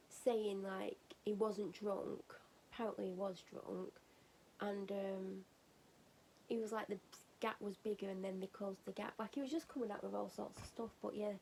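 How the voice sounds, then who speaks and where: Woman vlogger, casual rambling storyteller, mid-pitched, some gravel in the voice. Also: a little mellow, slight background noise, rough recording. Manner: chatty, rambling, laughing at her own story. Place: at home getting ready for bed.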